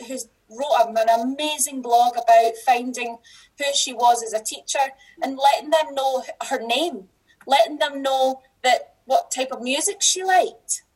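High-voiced Scottish woman. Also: measured pace, a little mellow, breathy edge, rough recording. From Scotland. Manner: chatty, laughs often, lots of restarts. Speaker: teacher, podcast guest. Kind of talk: casual podcast interview.

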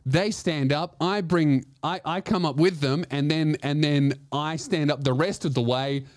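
A man telling a comedic story on his podcast, animated and swearing, acting out the other voices. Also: fairly high pitch, measured pace, no room sound, clean studio sound.

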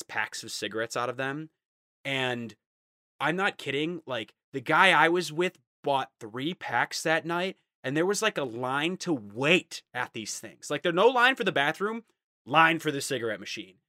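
A man co-hosting a podcast tells stories in a loose, casual chat, animatedly acting out the people he quotes in high voices. The audio is clean studio sound with no room noise.

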